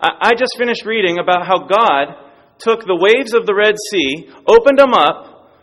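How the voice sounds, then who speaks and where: Man doing an excitable young student in a sermon story: loud, high, gushing, in an echoey hall. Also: moderate pace. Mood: earnest. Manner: loud, exuberant, breathless shouting. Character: excitable young male student shouting praise.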